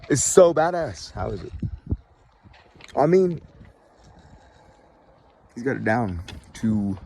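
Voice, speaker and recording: A man vlogging a casual movie review, rambling and excited, often repeating himself. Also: medium pitch, vocal fry, a little hiss or hum.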